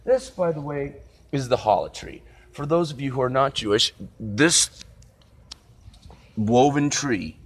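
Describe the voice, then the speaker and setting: A man from Encino, California, telling rambling, profane comic stories outdoors on a city street. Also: mid-range voice. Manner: animated, profane, digressive. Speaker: vlogger.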